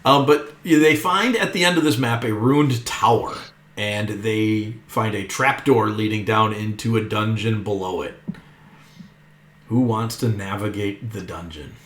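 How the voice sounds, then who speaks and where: A man's voice: fairly low pitch, a little slow, fairly bright tone, echoey room. A man narrating as game master of a tabletop game, in an easygoing way with chuckles and fillers.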